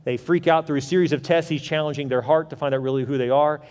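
Male pastor, lively sermon delivery, slightly high voice, big hall reverb. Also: fast talker. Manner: animated, acts out quoted voices, rhetorical questions.

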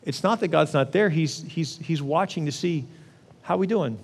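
A man delivers a sermon in a relaxed, conversational way, slipping into lively acted-out prayers now and then. His voice sits a little high for a man. The sound carries a long hall reverb, as in a large church auditorium. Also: moderate pace. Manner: conversational, acts out prayers in an animated voice. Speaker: pastor.

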